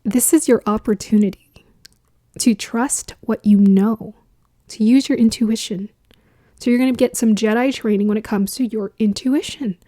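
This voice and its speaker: A woman's voice: fairly high pitch, fairly even intonation, normal speed, dark tone. A woman giving a casual spiritual astrology talk, musing aloud, laughing often and dropping into whispers for emphasis.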